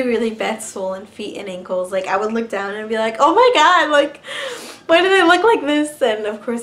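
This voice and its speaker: A young woman vlogger casually telling a personal story to camera, chatty and full of fillers. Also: medium pitch. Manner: chatty, many likes and ums, restarts.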